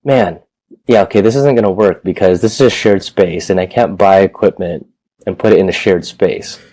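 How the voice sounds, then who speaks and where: A man in his thirties tells his story as an interview guest. His voice sits low and mellow, recorded dry and close. He rambles casually, doubling back and swearing now and then. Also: moderate pace, no room sound. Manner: rambling storyteller, loose and profane. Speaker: gym owner, guest.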